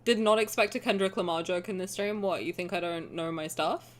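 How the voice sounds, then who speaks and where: A woman's voice: lowish voice, a little fast. Chatty young woman streamer reading aloud. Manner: animated, chatty, laughs often, reads aloud then riffs. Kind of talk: game playthrough, reading narration and reacting.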